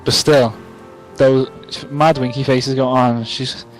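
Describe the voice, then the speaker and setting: A man's voice: medium pitch, fairly even intonation, slow pace, soft background music, poor audio. Tipsy, rambling young man. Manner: rambling, self-mocking, swears a lot. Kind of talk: casual storytelling to camera.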